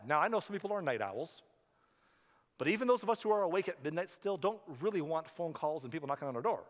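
A male pastor preaching a sermon in a church, conversational and animated, telling stories with asides. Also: fairly high pitch, fast talker. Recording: reverberant hall.

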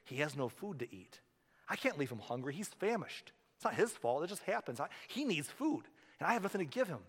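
A man's voice: on the high side, sing-song, brisk, slightly rough. A preacher voicing a desperate man who begs his neighbor for bread at midnight, pleading and fretful, talking himself in circles. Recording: reverberant hall.

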